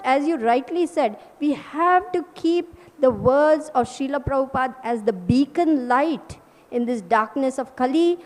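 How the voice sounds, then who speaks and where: A woman's voice: high voice, darkish tone, long reverb tail. A woman teacher giving a scripture class, emphatic and forthright, with rhetorical asides.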